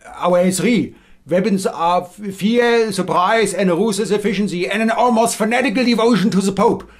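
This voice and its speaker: A loud, theatrical inquisitor with a Hessian German accent, as a man puts him on, booming out his lines and then fumbling them. His voice sits a touch high, and he sounds sharper and more distant than his plain talking voice. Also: normal speed, close to an everyday voice. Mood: pompous. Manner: declaiming, stumbling over his own lines. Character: bumbling pompous male inquisitor, loud and theatrical.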